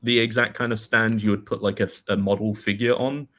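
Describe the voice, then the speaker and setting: A man's voice: on the low side, flat delivery, brisk, fairly bright tone. A man co-hosting a podcast, telling stories casually with lots of "like" and "um". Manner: loose storytelling, many "like"s. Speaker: podcast co-host. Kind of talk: casual chat.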